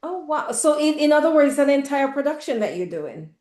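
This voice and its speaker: A woman's voice: sits high, very animated, a little fast, darkish tone. Questioning woman host in echoey room. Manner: probing, repeats and rephrases questions. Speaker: interviewer host. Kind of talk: interview questions.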